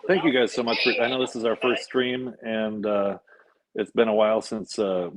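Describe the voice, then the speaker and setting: Niski, suchy głos współprowadzącego mężczyzny. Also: male voice, lowish voice, steady tone, no echo, rough recording. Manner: halting, many fillers and restarts. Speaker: co-host. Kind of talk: casual livestream chat.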